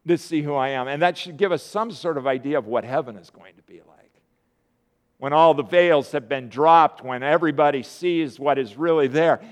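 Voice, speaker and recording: High-voiced man preaching a sermon. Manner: conversational, with emphatic repetition.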